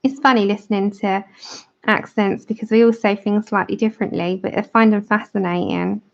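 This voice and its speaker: A woman's voice: mid-range voice, steady tone, brisk, creaky, highs cut off. A woman with a London accent hosting a colouring livestream, chatting with viewers and talking them through each step as she works. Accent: London English.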